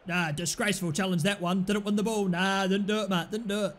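A young man commentating his own football video game play, excitable, shouting at big moments and muttering in between. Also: sits high, a little fast, hardly any pauses. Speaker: gaming commentator. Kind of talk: live let's-play commentary.

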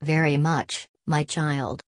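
A woman's voice: low-pitched, fairly even intonation, dry recording. A woman reading a stern noble mother. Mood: firm. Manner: cool, measured and commanding. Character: stern aristocratic mother, a titled lady.

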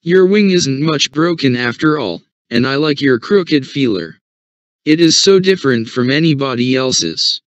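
A man reading the lines of a gentle young female moth who speaks softly and pleadingly, in a dull, dry recording. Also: mid-range voice, animated, unhurried, clean tone, no room sound, lightly acted. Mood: earnest. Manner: soft, pleading delivery.

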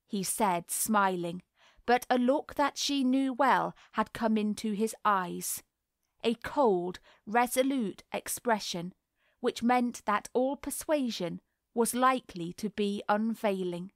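A woman reading a novel aloud in a measured, even storytelling manner. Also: on the high side, no echo, clean studio sound. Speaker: audiobook reader. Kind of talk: scripted narration.

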